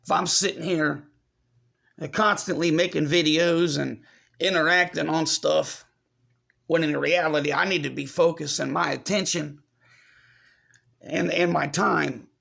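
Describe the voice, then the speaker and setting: A man giving a confessional vlog update to his viewers, choked up and fighting back tears, halting and apologetic as he repeats himself. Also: on the high side, vocal fry, fairly bright tone. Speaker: vlogger.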